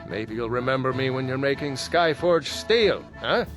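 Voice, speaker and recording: A man plays a friendly village blacksmith in a fantasy game, mid-pitched and matter-of-fact as he hands out helpful instructions. His game-audio lines sit over clearly audible music. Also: lively intonation, moderate pace, close to an everyday voice. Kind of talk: video game character dialogue.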